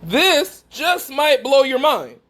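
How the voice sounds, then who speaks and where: Very high-voiced man preaching emphatically. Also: sing-song, slow, a bit bright. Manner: emphatic, questions the listeners directly. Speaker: speaker at a faith gathering. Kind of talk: preaching talk to a live group.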